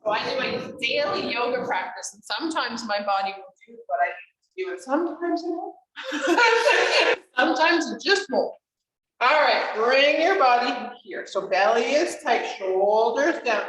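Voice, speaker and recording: A woman with a high, expressive voice at normal speed leads a guided chair yoga class in a community classroom, encouraging and chatty and laughing often. The echoey room, far-off mic, and heavy background noise color the recording.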